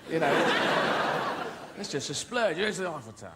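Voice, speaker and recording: A man's voice: fairly high pitch, big pitch swings, a little slow, heavy background noise. A man with a British accent doing rambling, playful stand-up comedy on a theater stage, swearing freely. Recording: live theater recording, echoing hall. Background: audience laughter.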